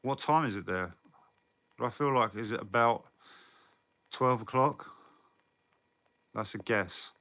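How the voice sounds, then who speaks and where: Bright-toned British man rambling casually. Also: medium pitch, a little slow, long pauses. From Britain. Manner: rambling, swears often, laughs between lines. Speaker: live streamer. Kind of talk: casual live chat reading viewer comments.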